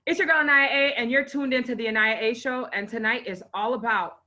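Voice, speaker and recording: On the verge of tears, a woman of Haitian parentage unboxes gifts and introduces a guest on her live online show, exclaiming effusively. She speaks briskly in a slightly high, pushed, bright voice.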